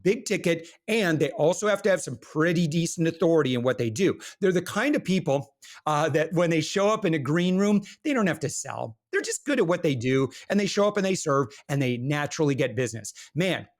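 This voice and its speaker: Guy on a business podcast, kinda high voice that jumps all over, earnest and chatty, lots of restarts. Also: fairly quick. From Michigan, USA. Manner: animated, earnest storytelling with many restarts. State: briefly emotional while recalling hard times. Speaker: podcast guest, entrepreneur. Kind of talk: casual interview talk.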